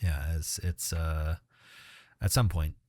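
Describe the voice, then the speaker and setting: A man's voice: extremely low pitch, steady tone, slow pace, a little mellow, dry recording, studio quality. A man co-hosting a podcast, talking casually and rambling with fillers and restarts. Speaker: podcast co-host. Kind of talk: casual chat.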